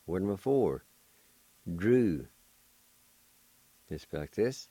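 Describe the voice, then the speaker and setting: A man hosting a language lesson, patiently spelling and pronouncing each word slowly and more than once, and encouraging his listeners. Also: sits low, animated, warm tone, husky, no echo. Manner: slow, deliberate spelling and repeated pronunciation. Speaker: language teacher and host.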